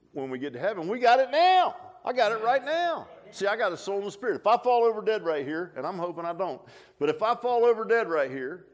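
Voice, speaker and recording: An older man preaching a folksy, animated sermon, full of restarts and asides like "huh?". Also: fairly high pitch.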